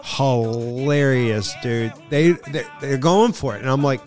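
A middle-aged man hosting his podcast, telling a vacation story in a casual, excited way and calling the listener "dude" a lot. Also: mid-range voice, unhurried, faint music behind. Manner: excited, slangy, keeps saying "dude". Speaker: podcast host.

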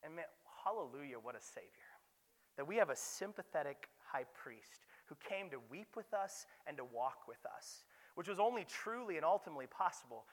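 A young man preaching a sermon as pastor, conversational with joking asides and forceful emphasis. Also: fairly high pitch. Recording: long hall reverb.

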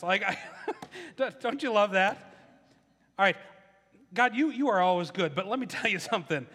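A male pastor gives a conversational sermon in a church sanctuary, his high, bright voice carrying a long reverb from the hall. He slips into the voices of the people he quotes, asking their questions aloud. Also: expressive, moderate pace, long pauses. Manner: conversational preaching, acts out voices of questioners with rising pitch.

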